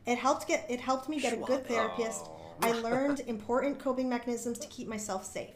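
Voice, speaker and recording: Woman reading a calm young woman, earnest, steady, slightly high voice, echoey room. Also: brisk, noisy background, close to an everyday voice.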